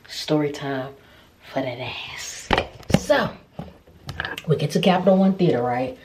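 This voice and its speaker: A young adult woman vlogger telling a lively, slangy story-time rant to her viewers. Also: low voice, a little slow, pauses often, far from the mic. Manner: animated, slangy, addresses viewers as y'all. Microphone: phone. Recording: echoey room with faint noise.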